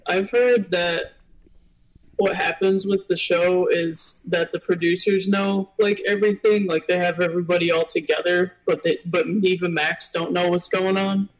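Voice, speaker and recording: A man's voice: high voice, steady tone, normal speed, poor audio. A young man in casual chat, speaking hesitantly and unhurriedly, with many fillers.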